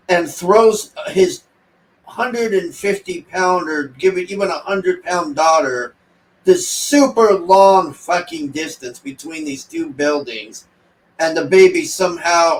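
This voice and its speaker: In an echoey room, far from the mic, a man with a higher-sitting voice delivers a loose, meandering film review. He sounds fed up and sarcastic, ridiculing the characters throughout.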